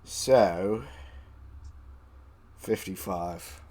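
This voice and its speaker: A man's voice: on the low side, animated, moderate pace. A man hosting a casual live stream, teasing his friend and laughing often, swearing freely. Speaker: streamer host. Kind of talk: casual late-night stream chat.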